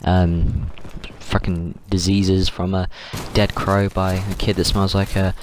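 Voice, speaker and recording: A man's voice: low-pitched, flat delivery, takes it slowly. A man host telling a story in a casual, rambling way while gaming, repeating words and saying dude a lot, on a noisy mic with clicks.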